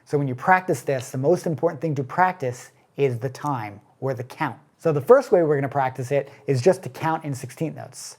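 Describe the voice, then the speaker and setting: A man's voice: mid-range voice, normal speed, hardly any pauses. A man teaching a drum lesson, explaining step by step in a casual way and counting beats aloud. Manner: relaxed, casual phrasing.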